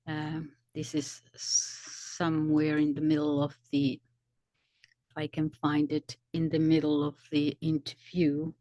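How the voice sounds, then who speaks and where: A woman commentator explaining events slowly, often pausing to search for words. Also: low-pitched, completely flat delivery, dark tone, no echo. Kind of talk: commentary video.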